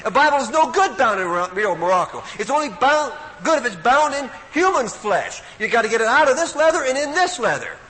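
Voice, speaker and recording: With an extremely high pitch, a slightly fast pace and few pauses, an older man preaches at a Bible study week. The Bible talk is sermon-like, animated and folksy, with loud emphasis giving way suddenly to quiet asides. Expect hall reverb and faint noise.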